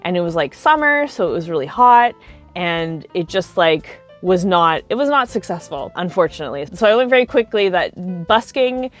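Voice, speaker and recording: A woman's voice: fairly low pitch, sing-song, normal speed, faint music behind. A young adult woman telling casual stories to camera as a cosplay video creator. She talks in a chatty way, full of likes and you-knows.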